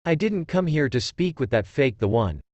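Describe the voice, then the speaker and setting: A man's voice: on the high side, big pitch swings, moderate pace, darkish tone, dry recording. A man voicing an arrogant, all-powerful male demon lord who talks scornfully and boastfully.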